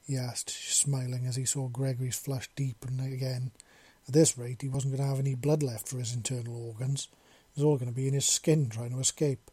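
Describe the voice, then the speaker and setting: A man narrating a story in a steady, even reading. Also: mid-range voice, brisk, slightly rough, no echo.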